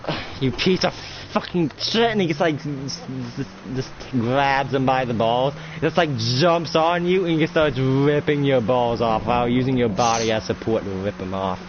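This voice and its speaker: A young man improvising a roleplay story with excitement, swearing and acting out fight noises. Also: medium pitch, normal speed, hardly any pauses, background noise. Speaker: roleplay player. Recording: muffled lo-fi recording with music behind.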